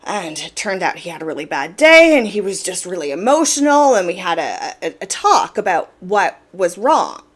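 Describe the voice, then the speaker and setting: A woman's voice: fairly low pitch, sing-song, moderate pace, few pauses. A woman hosting an opinion commentary, explaining her points in a direct, casual way and stressing them by repeating words. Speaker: commentary channel host.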